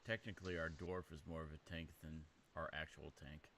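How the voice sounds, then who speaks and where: A man's voice: rumbling low, flat delivery, a little fast, pushed and bright. A man playing a tabletop game, eager and joking with the table. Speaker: player. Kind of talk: casual tabletop play.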